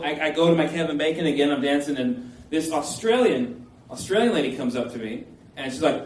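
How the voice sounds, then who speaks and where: A man's voice: a little high, a little fast. Man telling a comic story on stage. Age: late 20s. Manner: loose, rambling and self-mocking, with many filler words. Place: live stage at a storytelling event. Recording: echoey room, voice from a distance, faint background noise.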